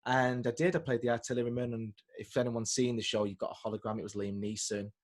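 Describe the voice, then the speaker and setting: A man, a guest chatting casually over a video call and telling animated stories. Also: mid-range voice, quick pace. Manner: chatty, animated storyteller, lots of fillers and restarts. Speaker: guest, singer and actor. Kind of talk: casual interview chat.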